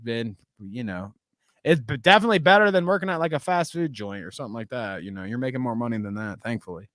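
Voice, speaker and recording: A man chatting casually as a podcast co-host, telling animated stories with plenty of swearing and laughter. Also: medium pitch, fast talker, no room sound, studio quality.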